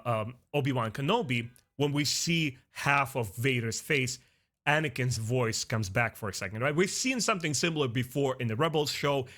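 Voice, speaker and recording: A man with a mid-range voice gives a casual spoken review to camera. He is earnest and expressive and keeps talking directly to his viewers. His speech is loose, full of "uh" and quick restarts. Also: medium pitch. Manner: earnest and expressive, talks straight to viewers as "guys"; frequent "uh" fillers and restarts. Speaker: film and TV reviewer.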